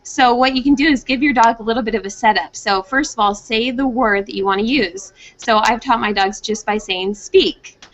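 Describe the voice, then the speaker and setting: A woman's voice: on the high side, brisk, few pauses. A young woman, a pet trainer, giving advice in a conversational way and livening it up by acting out what dogs are thinking in playful voices, heard over a video call. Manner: animated, acts out dogs' thoughts in playful voices. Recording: muffled, dull online video call audio.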